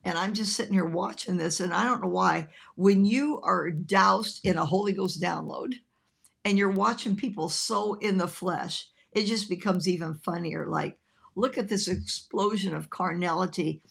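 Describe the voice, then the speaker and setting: A woman minister telling an animated personal story in a sermon, laughing as she talks. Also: on the low side, moderate pace, creaky, breathy edge.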